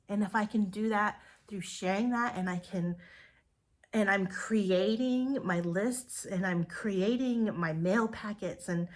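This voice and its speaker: A woman in her forties leading a sales team, giving an earnest, emotional motivational talk that now and then drops into breathy whispers for emphasis. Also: medium pitch. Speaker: direct sales team leader.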